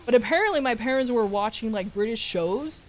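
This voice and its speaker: Her voice is a little high, brisk and lively in intonation. An American woman on a stream, she casually rambles through a story, cursing freely and laughing a lot.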